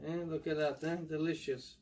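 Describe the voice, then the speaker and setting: A man's voice: fairly high pitch, flat delivery, moderate pace, heavy background noise. A man with a Portuguese accent hosting a food show, chatting eagerly and ending lines with "eh?". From Madeira, Portugal. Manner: enthusiastic, ends lines with "eh?". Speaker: mukbang co-host. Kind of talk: casual food chat.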